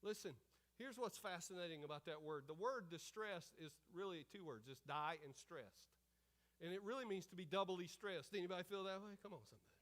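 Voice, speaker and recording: Male pastor with a high voice, preaching an emphatic sermon and calling on the congregation. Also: a little fast, fairly bright tone. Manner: emphatic preaching, repeats key phrases and calls out to the congregation. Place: church service.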